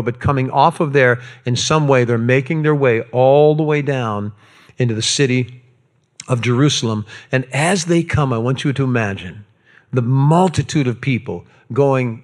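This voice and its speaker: A man preaching a sermon as pastor, animated and acting out quoted voices. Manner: animated, acts out quotes with raised pitch.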